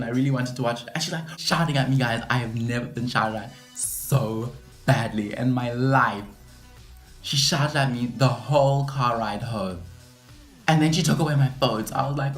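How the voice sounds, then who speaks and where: A young woman telling a story to her vlog viewers, animated and dramatic, full of "like". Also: a bass voice, reverberant. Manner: animated, dramatic retelling with lots of "like". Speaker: vlogger.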